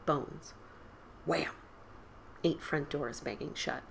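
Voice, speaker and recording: Woman reading a spooky story, lowish voice, whispery in spots, slight hiss in the background. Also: fairly even intonation, a little slow. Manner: dramatic, drops to whispers and lifts for quoted boys' cries. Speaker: podcast host reading a story.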